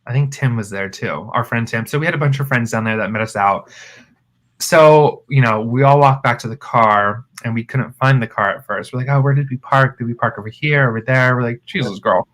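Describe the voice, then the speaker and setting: A man co-hosting a podcast, telling a wild story in casual chat, animated, cursing often and calling his friends "girl". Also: medium pitch, a little fast, poor audio. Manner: animated, swears freely, calls friends "girl". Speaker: podcast co-host.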